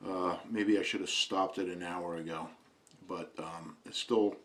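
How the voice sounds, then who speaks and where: A man's voice: low-pitched, fairly even intonation, a little slow, fairly bright tone. A man giving a plainspoken, easygoing product review at home, chatting casually to the camera.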